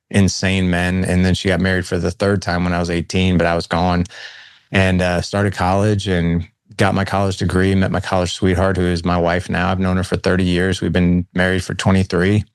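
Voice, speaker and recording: A man's voice: deep voice, no room sound, studio quality. A man in his forties, a podcast guest telling his life story in a casual way, using "man" and "like" often. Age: 40s. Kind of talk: storytelling in conversation. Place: Saint Louis.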